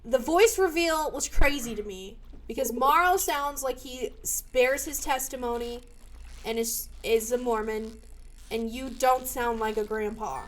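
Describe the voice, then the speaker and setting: A young woman live-streaming while she plays a game. She chats casually, swears freely, and bursts into loud shouts. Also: on the high side, a little slow, poor audio.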